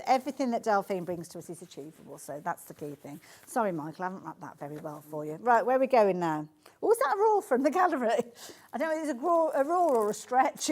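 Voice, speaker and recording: A woman's voice: mid-range voice, a little mellow. A woman presenting a live shopping channel demo, gushing and chatty in her sales patter. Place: TV studio.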